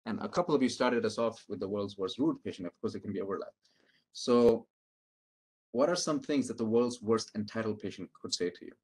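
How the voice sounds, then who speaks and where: A middle-aged man leading an interactive training workshop, speaking calmly and encouragingly as he reads out answers from the audience. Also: lowish voice, a little fast, slightly rough. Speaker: workshop presenter.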